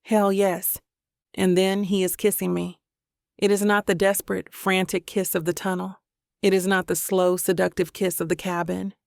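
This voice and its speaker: Gravelly, even-toned woman narrating. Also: fairly low pitch, moderate pace, no echo, clean studio sound. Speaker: audiobook narrator. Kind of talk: first-person romance audiobook narration.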